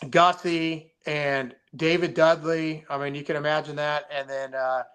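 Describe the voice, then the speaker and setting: Casual male pro angler, slightly high voice, relaxed slangy talk. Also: measured pace, smooth. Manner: laid-back, slangy, says dude. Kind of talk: casual podcast chat.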